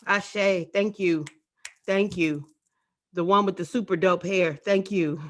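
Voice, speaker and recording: A woman's voice: mid-range voice, fairly even intonation, takes it slowly. A woman, a spoken word poet, leading an online event. She talks to her audience in an emphatic, rhythmic way and repeats phrases for effect. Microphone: video call.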